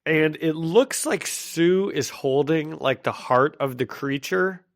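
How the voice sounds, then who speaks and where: A man's voice: a little high, slow. A man co-hosting a podcast, chatting casually as he recaps a comic, laughing often and restarting his sentences. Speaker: podcast co-host.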